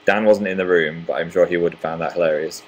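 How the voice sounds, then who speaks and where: A man's voice: deep voice, steady tone, fast, highs cut off, a little hiss or hum. A young man in his twenties casually chatting on a home livestream, reading viewer comments aloud with self-deprecating humor. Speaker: livestream host.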